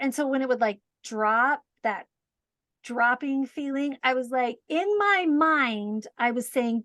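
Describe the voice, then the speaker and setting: A woman guest on a podcast, telling a personal story in an animated, self-mocking way and laughing often. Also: high-pitched, measured pace, no room sound. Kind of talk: casual storytelling.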